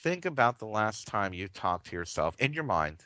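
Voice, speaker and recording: A man's voice: fairly low pitch, big pitch swings, moderate pace, sharp tone, no room sound, poor audio. A man hosting a live radio talk show, talking earnestly and rambling, with frequent restarts and chuckles.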